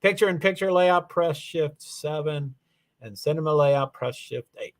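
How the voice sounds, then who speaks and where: A man hosting a casual livestream, rambling through viewer comments and software settings with many restarts. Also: fairly high pitch, unhurried. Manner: rambling, repeats "allegedly", frequent restarts. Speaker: livestream host.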